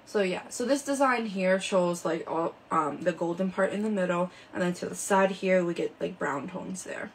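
A woman's voice: fairly low pitch, normal speed, vocal fry, few pauses, a little hiss or hum, rough recording. A woman hosting a live shopping stream, chatting casually and showing products with lots of fillers, indoors under a ring light.

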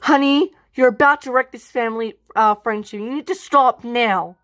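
A woman's voice: on the high side, normal speed, fairly bright tone, dry recording, studio quality, natural voice. A woman playing a strict, scolding mom. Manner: firm, scolding. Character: strict, overprotective mother. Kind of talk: amateur home-made family drama.

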